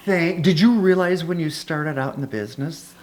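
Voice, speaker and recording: A woman's voice: low voice, moderate pace, darkish tone. A woman hosting a casual interview, gushing and affectionate, calling her guest honey. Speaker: talk show host.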